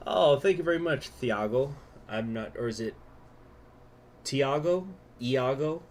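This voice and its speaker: Man, mid pitch, casual game streamer muttering plans aloud. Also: lively intonation, a little slow, slight background noise. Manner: talks to himself, muttering plans, occasional swearing. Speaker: host. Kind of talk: casual gaming livestream commentary.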